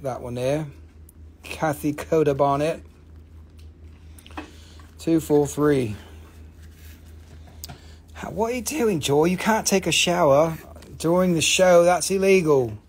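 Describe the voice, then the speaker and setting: A man's voice: fairly high pitch, expressive, takes it slowly, pauses often, breathy edge. A man hosting a live gemstone sales stream, rambling, joking and swearing as he calls out buyers and prices. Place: family-owned rock shop.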